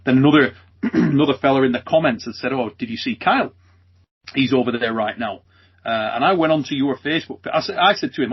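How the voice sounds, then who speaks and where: A man's voice: medium pitch, quick pace, slightly rough. A male interviewer hosting a casual chat, joking and laughing often, calling his guest "mate" and "son". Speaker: interviewer and channel host. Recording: muffled lo-fi audio.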